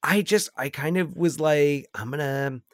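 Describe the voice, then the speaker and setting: A man's voice: on the high side, a little slow, no room sound. Guy rambling about movies, lots of likes and restarts, dry mic. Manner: hesitant, many restarts and fillers. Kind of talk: casual film discussion.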